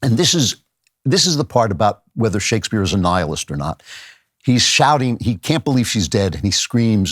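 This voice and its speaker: A man's voice: fairly low pitch, animated, normal speed, dry recording, clean studio sound. A middle-aged man hosting a podcast, giving an earnest, emphatic lecture-style commentary. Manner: earnest, emphatic, dramatic readings of quotes. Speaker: podcast host.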